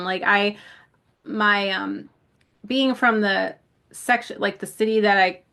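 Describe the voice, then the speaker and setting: A woman's voice: medium pitch, slow, sharp tone, smooth. Chatty woman telling stories. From South Buffalo, New York. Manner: rambling storyteller, swears casually, laughs often. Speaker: podcast co-host. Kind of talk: casual chat.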